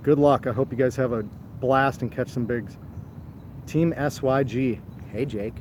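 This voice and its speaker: A man co-hosts a live fishing stream outdoors at night, reading out viewers' names and greetings and chatting casually about catfish. His mid-range voice is a little slow, set against a noisy background.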